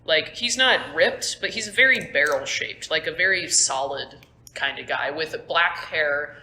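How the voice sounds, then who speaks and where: Bright-voiced young woman game master. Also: sits low, measured pace, slight background noise. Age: young adult. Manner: casual, filler-heavy narration. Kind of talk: narrating a tabletop game. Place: school room. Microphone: phone on table. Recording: echoey room, phone mic.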